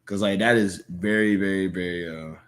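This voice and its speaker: Young man, very low voice, casual rambling stream chat, loose filler-heavy talk. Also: steady tone, moderate pace, a bit bright. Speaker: livestreamer reading comics aloud. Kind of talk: casual live-stream chat and comic read-aloud.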